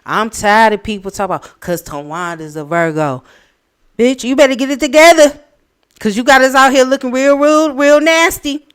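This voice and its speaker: A woman's voice: sits high, moderate pace, smooth. Blunt, ranting woman podcast host. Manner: blunt, opinionated, animated ranting. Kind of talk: casual reality TV recap chat.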